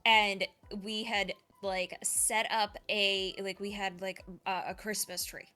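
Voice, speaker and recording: Bright-voiced young woman telling a story. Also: mid-range voice, level tone, slow, clear, resonant tone, faint music behind. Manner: rambling, candid storytelling. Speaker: podcast co-host. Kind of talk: casual chat.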